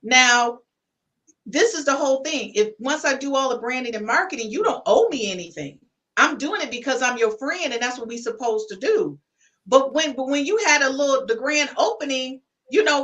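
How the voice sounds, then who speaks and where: A woman with hosts a podcast panel, emphatic and folksy as she lectures her audience. Her voice is bright and fairly high. She sits a little back from the mic, so she sounds distant. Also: expressive, normal speed. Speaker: podcast host. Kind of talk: casual panel talk.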